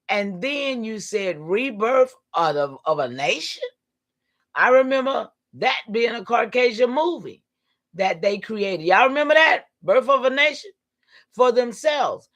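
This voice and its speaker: Woman, livestream host, preachy call-and-response, emphatic, occasional shouting. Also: medium pitch. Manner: emphatic, repeatedly rallying listeners with "come on, y'all".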